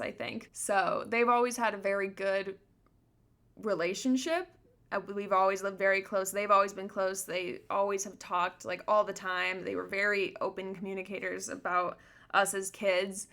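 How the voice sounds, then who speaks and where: A woman's voice: mid-range voice, vocal fry, sharp tone. A young woman hosting a podcast, sharing a painful personal story in an earnest, reflective way, with many "like" fillers. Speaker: podcast host.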